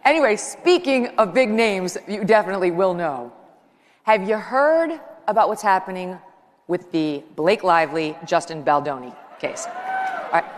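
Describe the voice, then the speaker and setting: Talk show host, woman, mid-range voice, excitable, rambling live speech, long hall reverb. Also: medium pitch, moderate pace. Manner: chatty, joking, excitable, rambling asides. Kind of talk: conversational live stage speech. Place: large live event hall with an audience. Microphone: handheld microphone while walking.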